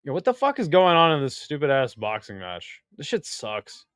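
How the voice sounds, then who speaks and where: Young male streamer, crude and jokey, slightly high, very animated delivery. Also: normal speed, clean tone, no echo, studio quality. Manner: crude, excitable, joking with chat. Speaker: watch party host. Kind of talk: casual live-stream commentary.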